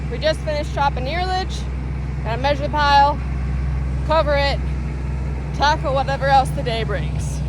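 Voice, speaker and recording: A woman in her twenties, a farmer, chatting casually and upbeat to the camera outdoors on her farm, with self-mocking asides. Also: high-pitched. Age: 20s. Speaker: farmer and vlogger. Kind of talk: casual vlog narration. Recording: outdoor recording with clear background noise.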